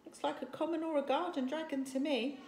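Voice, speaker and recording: A woman voicing a burly, blustering male Viking chief in a children's story, loud and flustered, in an echoey room. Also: high voice, steady tone, brisk, a little hiss or hum, voice pushed up.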